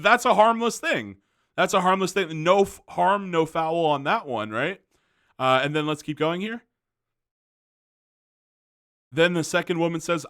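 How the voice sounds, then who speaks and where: A man's voice: high-pitched, pushed and bright. A man hosting a commentary video, ranting angrily with profanity, fillers and restarts.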